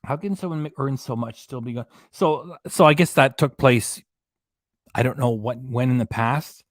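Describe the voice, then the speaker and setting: A man from Ontario, Canada, hosts a live-stream reaction show. He gives opinionated, gossipy commentary full of rambling asides, in a voice of ordinary pitch. The sound is dry and close. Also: normal speed, no echo. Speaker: reaction channel host.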